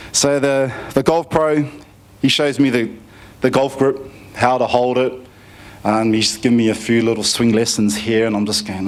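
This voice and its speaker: A man tells his own life story to a conference audience. His delivery is easygoing and full of fillers and restarts, at a mid-range pitch for a man. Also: level tone, moderate pace. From New Zealand. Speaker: conference speaker giving a testimony. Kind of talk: personal testimony story.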